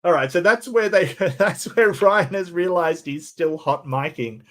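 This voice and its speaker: A man with a somewhat high voice, hosting a debate review stream. He talks in casual commentary that turns sarcastic and animated, with laughing asides along the way. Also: measured pace.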